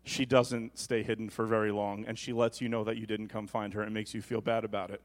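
A man preaching a sermon as pastor, rising to loud emphatic lines and slipping into joking asides. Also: lowish voice, level tone, fairly quick.

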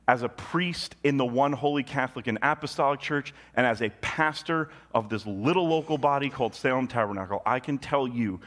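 A male pastor preaching a sermon, telling a story with big swings from loud and high to low and quiet. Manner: animated storytelling with sudden jumps in pitch and volume; drops low and quiet on solemn points.

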